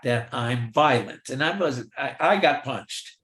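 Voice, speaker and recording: Older male guest, mid-range voice, spins lively anecdotes and plays every part in the dialogue himself; roomy, echoey recording. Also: mid-range voice, measured pace. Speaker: guest, veteran film extra. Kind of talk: storytelling in a virtual Q&A. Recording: roomy echo.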